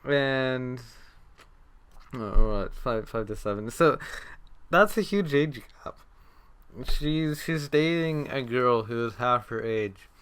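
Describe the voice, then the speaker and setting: A man's voice: medium pitch, animated, slow pace, pauses often, a bit bright, clear, resonant tone. A man casually reviewing anime he watched, rambling with many fillers, restarts and dry sarcastic asides. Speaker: anime vlogger.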